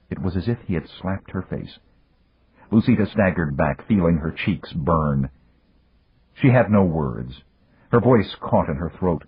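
A man narrating an audiobook with measured, even storytelling. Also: sits low, breathy edge, no echo. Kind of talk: scripted narration. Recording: dry, tinny phone-like audio.

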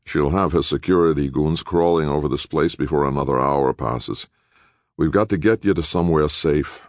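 A man voicing a wily older official who talks in a flat, dismissive, sometimes growling way. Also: very deep voice, moderate pace, dry recording, studio quality. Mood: gruff urgency. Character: gruff, wily older male official protector.

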